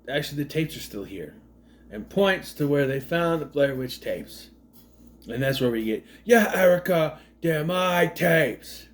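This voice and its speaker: A man casually recapping a movie, rambling with fillers and restarts and dropping sardonic, questioning asides. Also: medium pitch. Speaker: movie commentary host.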